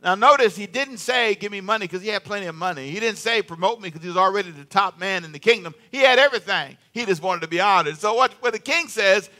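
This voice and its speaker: A man's voice: sits high, fast talker, hardly any pauses. A man preaching a sermon in church, telling stories with jokes and acting out the characters. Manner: animated storytelling, acts out the king and Haman; jokes with the congregation and laughs. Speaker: pastor.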